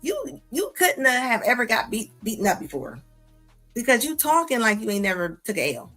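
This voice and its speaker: A woman hosting a casual reaction video, talking in an animated, slangy way and laughing often. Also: a little high, moderate pace, faint music behind. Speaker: commentary video host.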